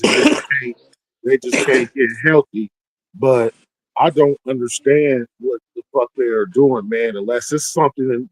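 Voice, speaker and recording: A man talking casually about football on a talk show, laid-back and soft-spoken, a little hurt. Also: mid-range voice, no room sound, rough recording. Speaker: show co-host.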